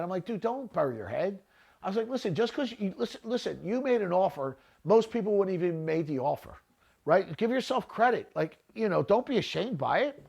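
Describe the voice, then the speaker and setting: A man's voice: sits high, sing-song, fairly quick, gravelly, darkish tone, husky. A middle-aged man hosting a podcast, talking bluntly and off the cuff, often repeating "listen" and "right?". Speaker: podcast host. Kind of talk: blunt unscripted monologue.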